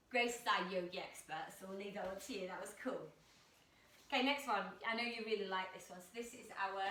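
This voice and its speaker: A woman's voice: on the high side, bright, forceful tone, a little hiss or hum. A woman guiding a children's yoga class, playful and encouraging, heard from a distance in a roomy space. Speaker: kids yoga instructor.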